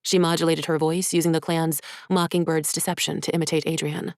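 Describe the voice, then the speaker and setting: Woman softly reading her own story. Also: low-pitched, little pitch movement, fairly quick, hardly any pauses, dry recording, clean studio sound. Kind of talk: story narration.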